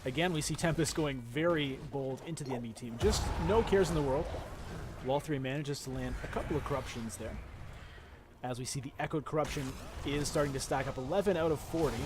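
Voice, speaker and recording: A man's voice: medium pitch, fairly quick, noisy background. Chatty man casting an esports match. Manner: jokey, chatty asides to the chat. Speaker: esports caster. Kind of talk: play-by-play game commentary.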